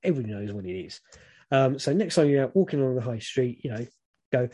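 A British man chats through frank advice in a relaxed, rambling way, full of ums and restarts. His voice is mellow and warm at a middling pitch. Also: fast talker, breathy edge. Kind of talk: casual advice chat.

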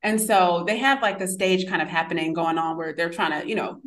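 Chatty, animated woman telling a story. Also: lowish voice, fairly quick. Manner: animated, chatty, laughs often, lots of fillers. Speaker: guest. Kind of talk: casual storytelling.

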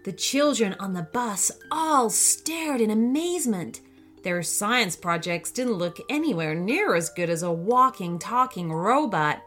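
A woman reading a children's storybook aloud in an expressive, unhurried way. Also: medium pitch, soft background music.

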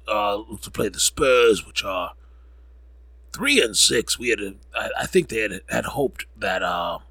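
A man with a fairly low, bright, husky voice and a forceful tone hosts a podcast with no echo. He runs through sports scores in a rambling, jokey way, often stopping to correct himself.

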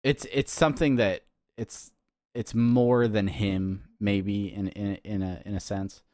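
Casting: male podcast co-host, lowish voice, hesitant and reflective, dry recording. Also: steady tone, darkish tone, no echo. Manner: halting, many restarts and fillers, thoughtful. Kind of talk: casual chat.

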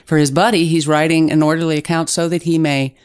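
A middle-aged woman journalist, a guest in an interview, telling stories in a lively casual way with restarts. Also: sits low, fast talker, clean tone. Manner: animated storytelling with restarts.

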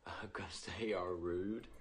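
A man presenting a casual language clip in a relaxed way, with lots of fillers. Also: low-pitched, slow pace, a little hiss or hum.

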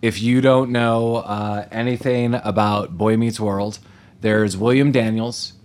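Animated laughing podcast co-host man. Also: on the low side, takes it slowly. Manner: animated, laughs often, acts out sounds. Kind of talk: casual movie-review chat.

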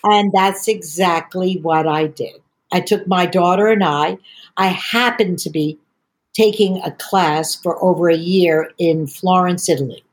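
An older woman talks as a podcast guest about her tea business, wandering from story to story in a chatty, rambling way. Her voice sits a little low for a woman. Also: measured pace. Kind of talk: podcast conversation.

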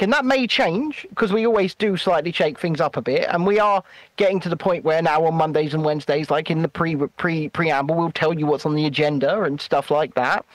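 A high-pitched man co-hosting a laid-back podcast, chatting casually and sliding into goofy impressions and snatches of song. The recording is dry and close, with no room around him. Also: no echo, poor audio. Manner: playful, breaks into silly voices and songs. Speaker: podcast co-host. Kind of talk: casual chat.

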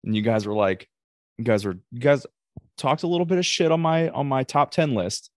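A man hosting a casual podcast chat, getting animated as he defends himself. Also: mid-range voice, a little fast, dry recording, clean studio sound. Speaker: podcast host.

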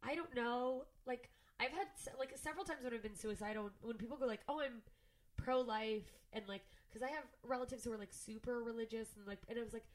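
A woman's voice: on the high side, brisk. A young adult woman comedian talking candidly and emotionally on a podcast, swearing often and getting tearful at times. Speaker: guest comedian.

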